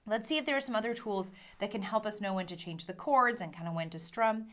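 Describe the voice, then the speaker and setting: A woman's voice: mid-range voice, quick pace, fairly bright tone. A woman teaching a ukulele lesson, explaining patiently, counting in and singing along. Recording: ukulele playing under the voice.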